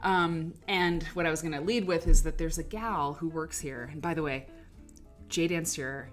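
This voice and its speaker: A woman's voice: low-pitched, fairly even intonation, normal speed, faint music behind. A woman hosting a live stream in casual chat, rambling and laughing as she talks, with lots of "like" as filler. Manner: rambling, chatty, full of "like" and laughter. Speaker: livestream host.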